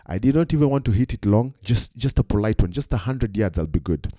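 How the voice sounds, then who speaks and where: A man with a Kenyan accent telling a funny personal anecdote in a lively way, acting out the voices he quotes. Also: on the low side, fairly quick, no room sound. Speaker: storyteller.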